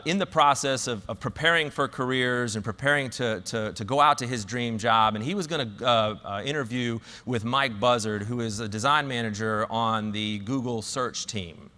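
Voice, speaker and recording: A man with a Southern US accent gives a conference talk, telling a story with plenty of "uh"s and restarts. His voice is bright and forceful. It rings out with a long reverb, as if from a large hall. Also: medium pitch. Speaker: conference speaker.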